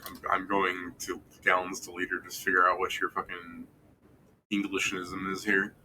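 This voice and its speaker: A man's voice: low voice, monotone, moderate pace, pushed and bright, slight background noise, rough recording. A man running a tabletop game over voice chat, laid-back and swearing casually. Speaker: game master.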